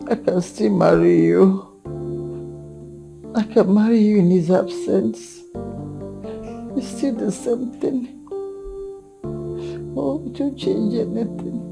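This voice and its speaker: A woman's voice: mid-range voice, gravelly. An older woman with a Nigerian accent playing a grieving widowed mother-in-law who pleads for a grandchild in a film drama. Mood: pleading. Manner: mournful, pleading, slow. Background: soft guitar music.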